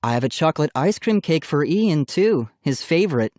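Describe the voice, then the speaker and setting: A man voicing a patient middle-aged mother who scolds the children gently but firmly, in an audiobook reading. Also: fairly high pitch, animated, normal speed, no room sound, clean studio sound, pitched above the performer's own voice, close to an everyday voice. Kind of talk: audiobook character voice.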